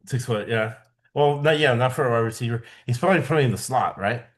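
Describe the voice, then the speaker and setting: Male podcast host, mid-pitched, relaxed and chatty, quick to laugh. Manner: easygoing, asks questions and laughs along. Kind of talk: casual sports chat.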